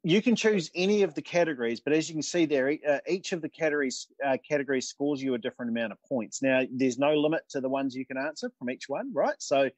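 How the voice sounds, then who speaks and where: A man, hosting and running a quiz in an animated, chatty way. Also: medium pitch, fast, hardly any pauses, no room sound. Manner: animated, explaining rules. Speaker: host, quizmaster. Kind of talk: casual talk-show hosting.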